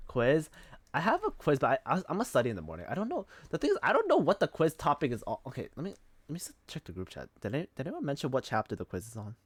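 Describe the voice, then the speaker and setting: A man's voice: a little high, wildly swooping pitch, racing, breathy edge, dry recording. A young man streaming live, chatting casually and telling rambling stories packed with fillers and swearing. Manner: rambling, filler-heavy storytelling with frequent swearing.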